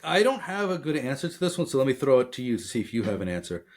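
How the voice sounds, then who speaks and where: Man co-hosting a software podcast. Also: mid-range voice, sing-song, racing. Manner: explains with acted example dialogue and jokes. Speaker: podcast co-host. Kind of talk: casual conversation about software.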